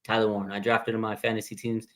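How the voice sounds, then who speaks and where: A man in his thirties hosting a live fan stream, chatting casually in animated, slangy, rambling banter. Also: lowish voice, rapid-fire. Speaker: fan show livestream host.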